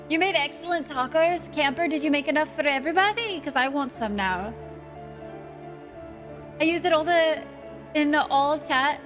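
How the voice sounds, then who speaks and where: A woman's voice: high-pitched, moderate pace, long pauses, music in the background. A woman streaming live, chatting with her viewers in a playful way, swearing freely and laughing often.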